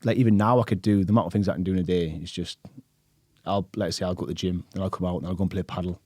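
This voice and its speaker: A man in his thirties, a podcast guest telling stories in a rapid, animated way, acting out voices and swearing casually. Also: low voice, no room sound, studio quality.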